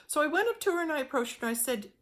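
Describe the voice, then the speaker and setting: A middle-aged woman telling a personal spiritual story in an earnest, halting way, often repeating words as she goes. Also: high-pitched, sing-song, fairly bright tone. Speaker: spiritual teacher sharing a testimony.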